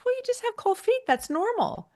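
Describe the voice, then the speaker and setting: A woman playing a flustered young groom, jumping into an exaggerated high squeaky voice. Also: very animated, normal speed, darkish tone. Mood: reassuring.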